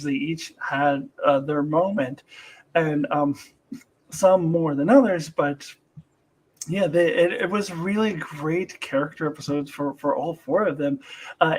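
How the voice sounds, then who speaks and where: A man chatting casually about a TV episode, enthusiastic and quick to laugh, often restarting his sentences. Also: on the high side, husky, poor audio. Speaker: co-host of a TV discussion. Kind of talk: casual chat reviewing a TV episode.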